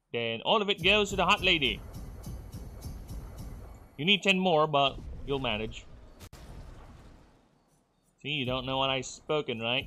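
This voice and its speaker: A man's voice: mid-range voice, bright, forceful tone, slight background noise. A man from the Philippines, streaming a game, teasing his viewers and muttering through his choices. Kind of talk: casual game stream chat.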